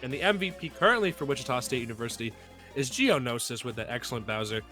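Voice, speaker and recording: A man's voice: mid-range voice, expressive, quick pace, music in the background. A young man doing live esports commentary in a laid-back, slangy way.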